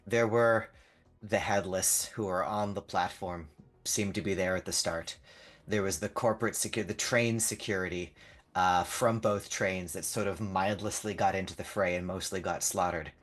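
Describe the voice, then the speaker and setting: A man's voice: sits low, fairly even intonation, normal speed, a bit bright. A man running a tabletop game as game master, narrating casually with frequent fillers and swearing. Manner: casual, rambling, swears freely.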